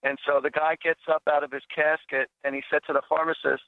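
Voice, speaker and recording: A man's voice: fairly high pitch, level tone, fast, vocal fry, no room sound. A man hosting a psychic call-in radio show, chatting casually and telling jokes in a rambling way. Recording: dry phone-like sound.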